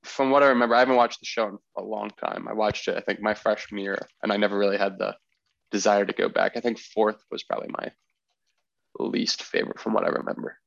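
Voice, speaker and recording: A man's voice: lowish voice, fast, creaky, no echo. Young guy host, jokey and teasing, dry dull mic sound. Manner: joking, teasing, animated. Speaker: podcast host. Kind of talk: casual chat.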